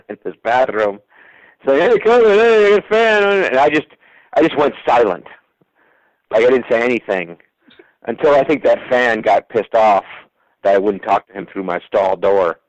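A man, a guest comedian, telling a story in a relaxed, rambling way with lots of "um"s and "you know"s. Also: medium pitch, no room sound, highs cut off. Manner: relaxed, rambling, many fillers. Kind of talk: casual storytelling.

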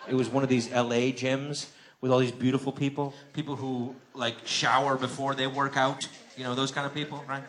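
A man doing a stand-up routine, telling a story in a profane way with quick acted-out dialogue. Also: medium pitch, little pitch movement, a bit bright. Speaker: stand-up comedian.

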